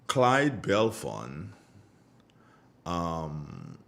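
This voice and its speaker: Grenadian radio host, a man, lively up-and-down storytelling voice, slow and lowish. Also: vocal fry. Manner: animated storyteller with Caribbean colloquial phrasing. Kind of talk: casual radio chat, greeting listeners and telling stories. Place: radio studio.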